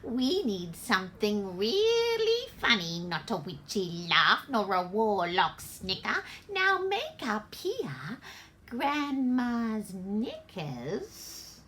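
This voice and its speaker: A woman doing a croaky old witch doctor. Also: fairly high pitch, wildly swooping pitch, fairly bright tone, a little hiss or hum, pitched below the performer's own voice, exaggerated voice. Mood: spellcasting. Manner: slow, chanting spell rhymes. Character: wise old woman witch doctor casting a silly spell.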